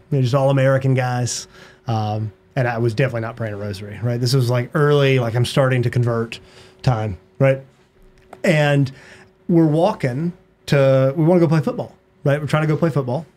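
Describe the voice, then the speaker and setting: A man telling a story on a podcast, animated, humming sound effects and tagging lines with "right?". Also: medium pitch, fast talker. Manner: frequent "right?" tag questions. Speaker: podcast guest. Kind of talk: storytelling in conversation.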